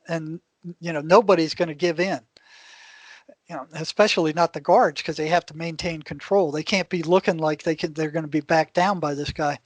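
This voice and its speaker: An older man, a retired therapist guest, telling an animated story in casual conversation with frequent restarts. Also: on the high side, dry recording.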